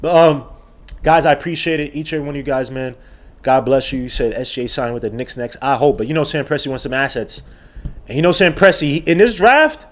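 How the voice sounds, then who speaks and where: A man riffs on a live sports stream as its host, excited and rambling. His voice sits fairly high for a man, and he keeps looping back over his own words. He jumps from fantasy football gripes to draft talk. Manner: animated, rambling, exclaiming, repeats words. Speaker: podcast host.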